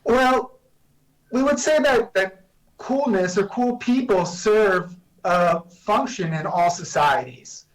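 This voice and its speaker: A man talking as a guest professor on a video call, measured and explanatory with frequent restarts. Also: high-pitched, recorded from a distance, rough recording. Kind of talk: remote interview answers.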